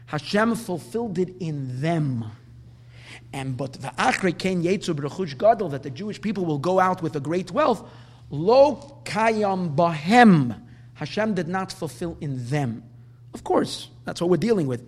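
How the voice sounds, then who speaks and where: A man teaching a Talmudic lecture, explaining the text and drawing out the Hebrew quotes slowly. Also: fairly high pitch, expressive. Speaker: Torah teacher.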